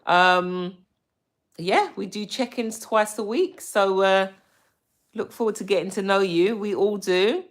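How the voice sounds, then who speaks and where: A woman from the UK hosting a casual live stream, greeting viewers with lots of ums and gushing when she gets excited. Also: medium pitch, a little slow. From United Kingdom. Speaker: livestream host.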